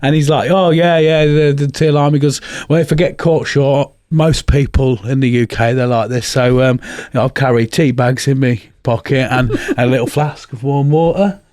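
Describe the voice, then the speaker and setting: A man's voice: mid-range voice, steady tone, moderate pace, hardly any pauses, darkish tone, no room sound, clean studio sound. A man in casual comedy chat, rambling a little with hesitant fillers and laughs as he tells a story. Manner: rambling, hesitant, laughs through his lines.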